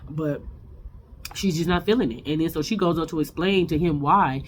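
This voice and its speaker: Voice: medium pitch, moderate pace. This host chats through a reality TV recap in a mid-range voice, rambling and opinionated, with lots of stops and restarts. A faint hum of background noise sits under the talk.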